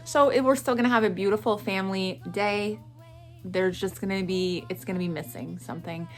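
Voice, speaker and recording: A middle-aged woman from Atlantic Canada chatting through a morning vlog in an animated way. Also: medium pitch, a little fast, soft background music. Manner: animated and chatty, with frequent laughs and self-talk asides. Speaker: vlogger.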